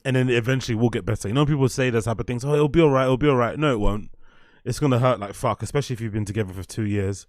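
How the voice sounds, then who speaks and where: A man's voice: medium pitch, dry recording, clean studio sound. Laid-back young man chatting. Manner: laid-back, swearing, laughs often, reads chat aloud. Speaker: livestream host. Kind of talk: casual livestream chat.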